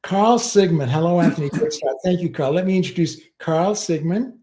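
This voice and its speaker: A man's voice: fairly high pitch, normal speed, a crowd in the background. A man hosting a casual livestream chat, telling rambling stories and chuckling as he talks. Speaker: livestream host.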